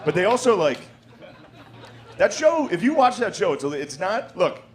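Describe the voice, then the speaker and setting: A man's voice: high voice, big pitch swings, normal speed, some chatter behind. A man riffing crudely in casual podcast banter, rambling and laughing at his own jokes. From United States. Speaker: comedian.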